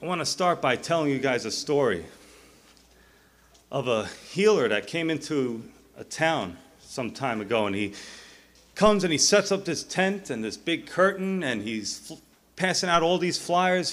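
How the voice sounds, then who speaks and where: A man's voice: on the high side, normal speed. A middle-aged male pastor preaching a sermon, telling stories and acting out the characters' voices. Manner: animated storytelling, acting out voices.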